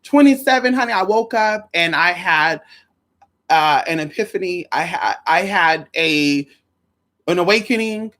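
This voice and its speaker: A woman hosting a casual livestream, sassy and animated, calling her viewers honey and girl while greeting them. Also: measured pace. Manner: swoops high for greetings and drops low for asides.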